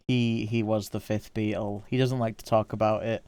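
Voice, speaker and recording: Easygoing male streamer, smooth voice. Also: fairly low pitch, mellow, no echo. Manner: easygoing, rambling, chatting with viewers. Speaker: livestreamer. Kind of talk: casual livestream chat while drawing.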